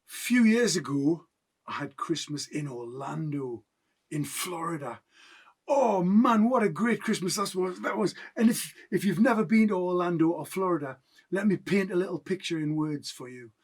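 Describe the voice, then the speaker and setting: A man who hosts a comedy show, telling deadpan jokes and leaving pauses for laughs. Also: high-pitched, husky, recorded from a distance. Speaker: comedian and singer. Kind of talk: comic patter and singing.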